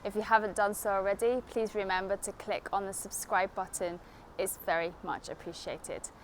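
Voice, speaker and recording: A woman with a South East England estuary London accent, giving a spoken English lesson to camera in a clear, deliberate teaching manner. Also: mid-range voice, steady tone, a little hiss or hum. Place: outdoors in a city.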